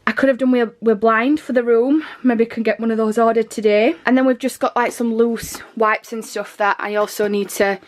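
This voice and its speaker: A woman's voice: fairly high pitch, fairly even intonation, normal speed, few pauses. A young pregnant woman, chatting casually in a home vlog, rambling and out of breath. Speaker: vlogger. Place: home living room and nursery, indoors.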